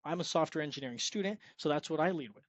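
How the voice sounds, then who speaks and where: A man's voice: on the high side, rapid-fire, no echo, dull audio. A young man giving an upbeat, salesy screen-share tutorial on freelance web design, sometimes acting out sample sales calls. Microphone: screen-recording mic.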